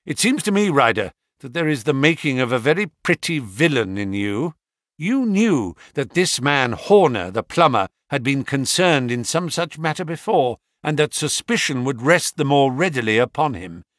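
A man's voice: mid-range voice, big pitch swings, moderate pace, a bit bright, no echo, clean studio sound. A man doing a stern, commanding detective. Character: stern, cool-headed male detective. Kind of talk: audiobook character reading.

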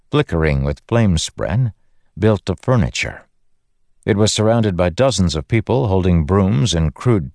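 A very deep, gravelly male voice with a darkish tone, recorded dry with clean studio sound. He is an audiobook narrator delivering scripted fantasy narration.

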